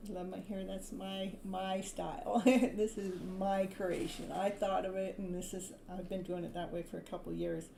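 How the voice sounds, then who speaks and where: Gravelly californian lady doing a live tarot stream, soothing affirmations, laughs a lot, bit of hiss behind. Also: mid-range voice, level tone, moderate pace, few pauses, warm tone, low-quality recording. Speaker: tarot reader.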